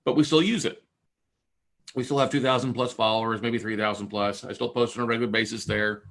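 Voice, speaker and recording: A man hosting a podcast talks casually with a bright, forward tone. He rambles, restarts his sentences and stretches out long metaphors as he explains. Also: mid-range voice, fairly even intonation, brisk. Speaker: podcast host.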